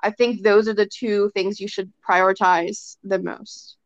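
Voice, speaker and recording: A woman's voice: mid-range voice, little pitch movement, a little slow, dry recording. A young woman guesting on a podcast, chatting casually with lots of fillers and short acted-out quotes. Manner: chatty, filler-heavy, often acts out quotes. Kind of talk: casual chat. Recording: dry, slightly dull sound.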